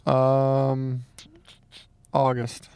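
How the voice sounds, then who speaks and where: A man's voice: mid-range voice, completely flat delivery, drawn-out words, a little mellow, clean tone, no echo. A young man, a stand-up comedian, chatting casually with a friend, easygoing and swearing a lot. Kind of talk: casual chat.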